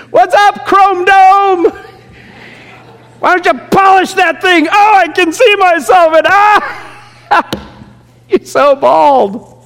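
Guy doing a bratty teen yelling taunts, way up high, echoey hall. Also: lively intonation, drawn-out words, creaky, pauses often, exaggerated voice. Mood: mocking. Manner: taunting, shouted insults. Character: jeering teenage boy mocking a bald prophet. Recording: long hall reverb.

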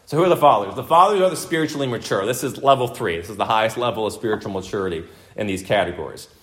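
A man preaching an expository sermon, stressing his points by repeating them and putting questions to the congregation. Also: mid-range voice. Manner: emphatic, repeats points for emphasis, asks the room questions. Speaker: pastor.

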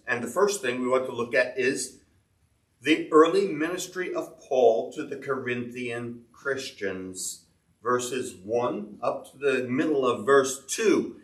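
A man preaching a sermon as a pastor, earnestly explaining scripture and reading verses aloud. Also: mid-range voice. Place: church. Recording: echoey church room, mic at a distance.

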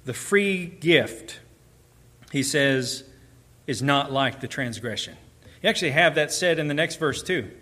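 A man's voice: medium pitch, normal speed, pushed and bright. A man preaching a sermon, explaining the text and building with emphatic repeated phrases. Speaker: pastor.

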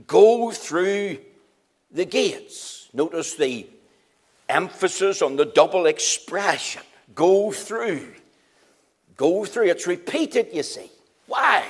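A man preaches with fervour, doubling his phrases for stress. His voice sits high, climbing into ringing calls and then dropping to hushed asides. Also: breathy edge. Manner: emphatic, repeats phrases for stress; swings between loud rising calls and low quiet asides. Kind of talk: sermon.

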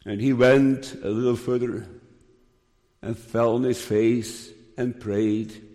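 A man preaching a sermon, slow and emphatic, repeating key phrases. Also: mid-range voice, steady tone, warm tone. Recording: long hall reverb.

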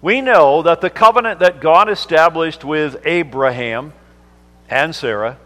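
A pastor preaching a Sunday sermon, reading scripture slowly and stressing words with emphasis. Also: male voice, on the high side, fairly bright tone. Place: church sanctuary. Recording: long church reverb.

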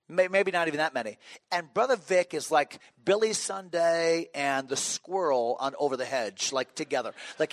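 A man's voice: sits high, fairly bright tone, dry recording. A middle-aged man preaching a sermon as a pastor, telling stories with humor and frequent restarts. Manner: conversational, humorous storytelling with restarts.

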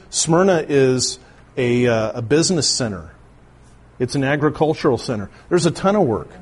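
A man's voice: a little high, darkish tone. A male pastor giving an earnest, explanatory sermon, often restarting his phrases. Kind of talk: expository sermon.

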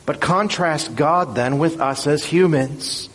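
A man preaching a sermon in an earnest, measured and emphatic way. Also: fairly high pitch, fairly bright tone, slight background noise.

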